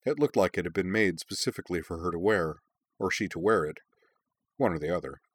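Male audiobook narrator, very low, calm and even, dry read. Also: a little fast, slightly rough, no room sound.

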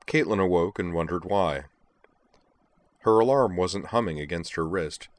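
A man with a very low voice narrates a story aloud. His reading is steady and even, line by line, with a deep, grounded tone. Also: normal speed, no echo.

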